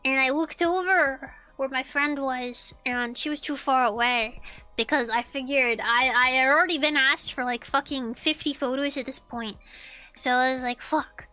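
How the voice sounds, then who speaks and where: Young woman streamer, high bright voice, animated and profane casual storyteller, faint music under her. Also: moderate pace. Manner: animated, swearing, repeats lines, laughs often.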